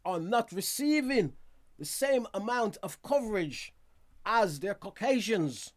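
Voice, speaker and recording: A man hosting a casual news roundup from a studio, chatty and quick to laugh at himself, with asides to his viewers. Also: high-pitched, expressive. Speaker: news show host.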